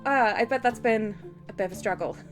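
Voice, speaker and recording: A woman livestreaming at her desk mic, chatting freely and giggling between remarks. Her voice sits a little high, and she is quick to poke fun at herself. Faint music plays under her talk. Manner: chatty, self-deprecating, giggly, reads chat comments aloud. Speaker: streamer co-writing a story with AI. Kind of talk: casual livestream chat and reading aloud.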